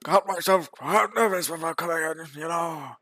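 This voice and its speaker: A man's voice: on the high side, normal speed, pushed and bright, no echo, pitched above the performer's own voice. A man voicing a nervous, grateful old peasant who thanks a ruler in a game.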